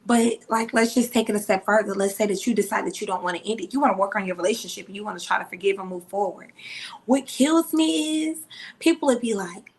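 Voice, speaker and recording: A woman's voice: mid-range voice, quick pace. Candid, emphatic woman podcast host. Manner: candid, emphatic, speaks from personal experience. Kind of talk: casual chat.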